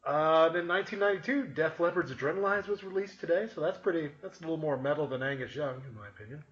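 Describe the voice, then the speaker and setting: A man's voice: a little high, expressive, fast, a bit bright. A man co-hosting a podcast in casual chat, laid-back with short agreeing remarks. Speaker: podcast co-host. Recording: dull lo-fi with faint noise.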